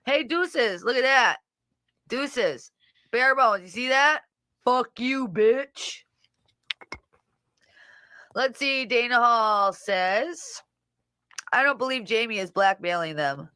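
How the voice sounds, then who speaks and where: A woman's voice: on the high side, expressive, slow pace, long pauses, pushed and bright, no echo. A woman hosting a casual livestream, reading comments and mocking people in a brash, profane way. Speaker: livestream host.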